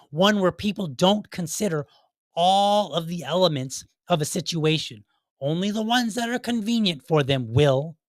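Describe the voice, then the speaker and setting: In a clean studio recording with no room sound, a man hosts a podcast and launches into a combative, opinionated monologue. His voice sits a little high as he throws out rhetorical questions and mocks imagined critics by imitating them.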